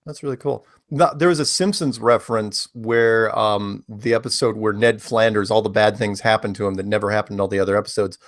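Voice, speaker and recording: A man's voice: on the low side, steady tone, fairly quick, hardly any pauses, no echo, clean studio sound. A man chatting casually as a guest, telling a long, rambling story and often repeating his words. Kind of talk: casual chat.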